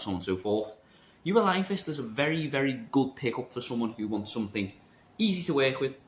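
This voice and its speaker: A man's voice: on the low side, a little hiss or hum. A young man running through a vape shop's stock in a casual, upbeat, playful vlog. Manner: chatty and upbeat, playful word choices. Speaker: vape shop staff presenter. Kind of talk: casual product rundown vlog. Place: indoor vape shop. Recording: roomy shop echo.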